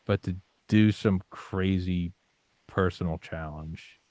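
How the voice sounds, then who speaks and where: A young man with a very low voice speaks in a casual interview, swearing freely and dramatizing his own doubts and determination. The sound is dry and close, with no room echo. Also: fairly even intonation, slow pace, mellow. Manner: intense, swearing, acts out his own panicked inner voice. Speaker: podcast guest.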